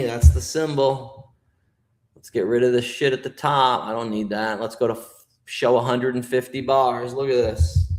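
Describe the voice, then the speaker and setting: A man's voice: mid-range voice, steady tone, normal speed, roomy sound, faint music behind. A man from New York hosting a live trading stream, griping and swearing as he talks to his chat. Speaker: livestream trader host.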